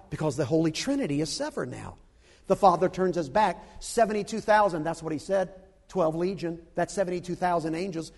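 An older man preaching a dramatic sermon who breaks into loud, shouted quotations. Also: a little high, gravelly, breathy edge, in a large hall.

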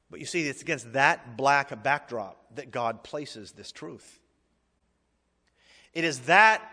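A male pastor preaching a sermon to a congregation, swinging from emphatic declarations to hushed, drawn-out phrases. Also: fairly high pitch. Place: large hall with an audience. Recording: long hall reverb.

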